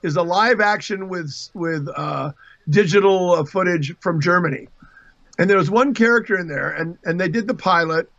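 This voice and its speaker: A man guesting on a casual livestream, an animated storyteller who laughs often, heard over a video call. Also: high voice, moderate pace, creaky, no echo, muffled recording. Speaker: voice actor guest.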